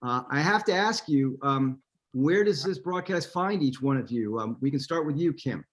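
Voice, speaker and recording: A man's voice: medium pitch, lively intonation, normal speed. A man hosting a virtual wine tasting over a video call, upbeat and chatty with plenty of fillers. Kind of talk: casual hosting.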